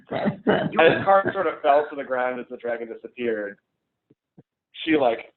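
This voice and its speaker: A man playing a tabletop game, describing his character's moves in a relaxed manner over an online call. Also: mid-range voice, takes it slowly. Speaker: player. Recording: phone-like online call audio.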